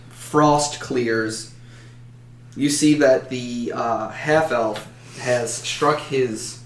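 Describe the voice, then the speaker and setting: Man narrating a fantasy battle in an echoey room. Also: mid-range voice. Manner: dramatic with occasional slips. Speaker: storyteller. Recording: roomy echo.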